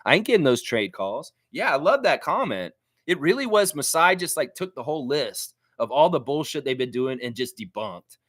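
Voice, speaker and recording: A man hosting a sports fan livestream, ranting in a heated, animated way. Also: on the high side, normal speed, dry recording, clean studio sound. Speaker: sports fan show host. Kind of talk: casual livestream rant.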